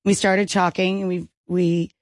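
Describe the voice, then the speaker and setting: A middle-aged woman guest telling a childhood story with lively, self-mocking humor and frequent laughter. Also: lowish voice, a little slow, no room sound. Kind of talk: animated storytelling in a talk interview.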